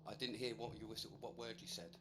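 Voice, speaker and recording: A man with a fairly low voice talks through a technical point in a casual debate. He reads passages aloud slowly, then explains them plainly, with loud game music playing behind him. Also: fairly even intonation. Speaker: debate participant.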